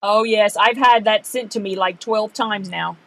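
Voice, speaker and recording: A woman co-hosting a casual livestream, making slow, dry teasing remarks. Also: mid-range voice, no echo, poor audio.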